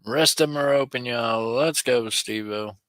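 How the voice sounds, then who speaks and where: A man's voice: medium pitch, unhurried, fairly bright tone, no echo. A middle-aged man hosting a live online auction in a folksy, chatty way, chuckling often. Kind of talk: live-stream auction chat.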